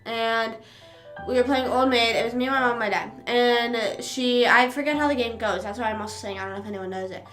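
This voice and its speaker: A woman's voice: on the high side, a little fast, a bit bright. A young woman streamer rambling in casual chat at home, with lots of fillers. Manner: rambling and chatty, with frequent fillers. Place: home room. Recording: roomy echo, faint music behind.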